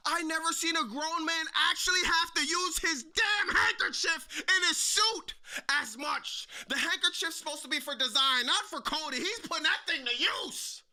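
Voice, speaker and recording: A man with a high, very bright and cutting voice gives live-stream reaction commentary on wrestling. He mocks loudly, repeats phrases for comic effect and breaks into sudden shouts. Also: normal speed. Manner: loud, mocking, bursts into shouts.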